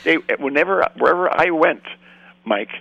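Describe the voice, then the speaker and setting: A man's voice: fairly high pitch, animated, moderate pace, creaky, bright, forceful tone, dry recording, highs cut off. An older man from Canada, a film director, telling rambling anecdotes in a radio interview and acting out the voices of the people in his stories.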